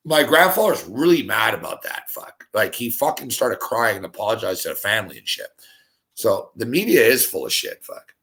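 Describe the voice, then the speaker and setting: A man's voice: lowish voice, very animated, moderate pace, a bit bright. A young man from the Montreal area, the show's host, telling a rambling, profane story in casual talk and repeating himself often. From Montreal area, Canada. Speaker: show host.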